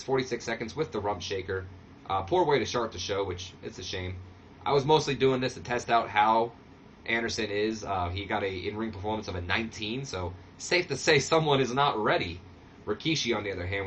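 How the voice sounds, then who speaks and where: A man's voice: on the low side, brisk, fairly bright tone, slight background noise. A man hosting a let's-play commentary of a wrestling sim game, talking in a casual, sarcastic, self-deprecating way. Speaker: channel host.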